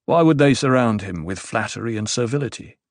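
A man voicing a calm, cryptic male advisor in an audiobook, speaking in a measured, even, reasoning way. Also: mid-range voice, no room sound, clean studio sound, close to an everyday voice. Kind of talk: audiobook character voice.

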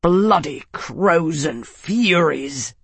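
A man's voice: a little high, lively intonation, measured pace, a little mellow, breathy edge, dry recording, exaggerated voice. A man voicing a pompous middle-aged senator who snarls his demands through clenched teeth in an audiobook. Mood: snarling.

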